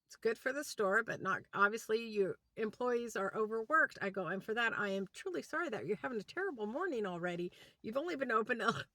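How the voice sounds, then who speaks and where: A woman's voice: fairly high pitch, fairly quick, few pauses, no room sound. A woman vlogger telling a story as a rant, acting out both sides of a conversation. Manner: animated retelling with quoted dialogue. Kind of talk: ranting storytime. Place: inside a van.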